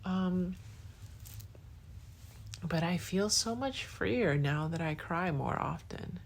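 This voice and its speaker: A woman's voice: fairly low pitch, expressive, takes it slowly, vocal fry, slight background noise. A young woman hosting her own podcast, talking to her partner in a casual, rambling, heartfelt way with lots of "like" and restarts. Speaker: podcast host. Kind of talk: casual spoken diary to a partner.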